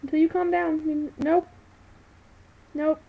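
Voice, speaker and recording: A woman's voice: high voice, little pitch movement, a little slow, gravelly, narrow, tinny audio. A woman vlogging to her webcam at home, rambling and chatty, exasperated with her pet. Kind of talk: casual talk to a webcam.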